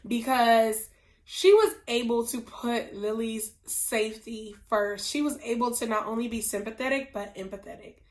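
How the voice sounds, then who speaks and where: A woman giving a casual book review, telling it in an earnest, personal way with quick asides. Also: on the high side, a little mellow.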